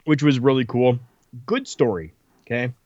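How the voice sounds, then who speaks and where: A podcast guest with a mid-range voice tells stories in a casual chat at normal speed, animatedly acting out the lines of people he quotes. The recording is dry and muffled.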